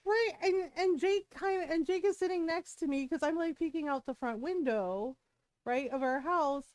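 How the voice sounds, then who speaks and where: A woman streamer telling a story to her live chat, animated and profane, acting out what people said. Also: extremely high pitch, normal speed, no room sound.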